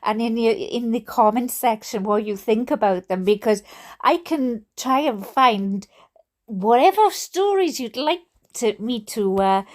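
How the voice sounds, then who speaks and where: A Welsh woman reads funny stories aloud and breaks off into chatty, giggly asides. Her high voice leaps up and down as she reacts with mock indignation. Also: animated, unhurried, darkish tone. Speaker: storyteller reading viewer stories.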